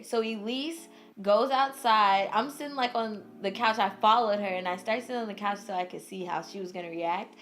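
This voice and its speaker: A young adult woman vlogger telling a funny story in a casual, animated way, full of "like" and dramatic re-enactment. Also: medium pitch, moderate pace, hardly any pauses, soft background music.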